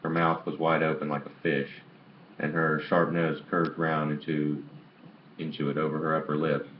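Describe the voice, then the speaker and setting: A man's voice: rumbling low, level tone, normal speed. A man reading a novel aloud in an amateur way, stumbling and restarting on some words, on a dull lo-fi recording with faint hiss. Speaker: audiobook reader.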